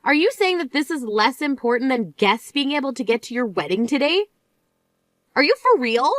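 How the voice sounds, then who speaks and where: A woman's voice: sits high, big pitch swings, moderate pace, fairly bright tone, dry recording. A woman voicing Rita, a scolding grieving sister. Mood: furious. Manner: reproachful, exasperated, scolding. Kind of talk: dramatized story voice acting.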